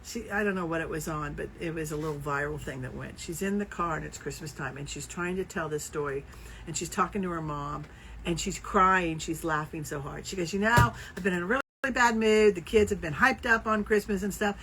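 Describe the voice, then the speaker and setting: Bright-voiced woman telling road trip stories. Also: fairly low pitch, fairly quick, a little hiss or hum, low-quality recording. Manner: animated storyteller, acts out quoted voices. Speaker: podcast co-host. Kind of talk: casual chat.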